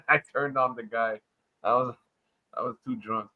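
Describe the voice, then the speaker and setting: A man from Montreal ranting crudely and loudly in a casual livestream chat. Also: medium pitch, steady tone, measured pace. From Montreal, Canada. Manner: loud, profane, swaggering rant. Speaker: livestream panel guest. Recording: muffled lo-fi online audio.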